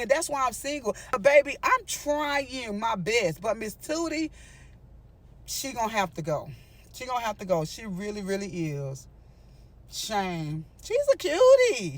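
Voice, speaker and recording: A woman telling a story to her viewers in a casual, animated vlog, with frequent asides to them. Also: fairly high pitch. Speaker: storyteller vlogger.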